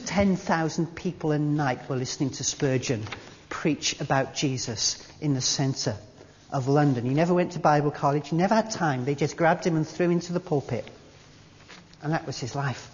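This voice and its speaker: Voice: mid-range voice, normal speed. Preacher, sermon, storytelling, long church echo, muffled lo-fi sound. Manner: storytelling, animated then quiet and intimate. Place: church service.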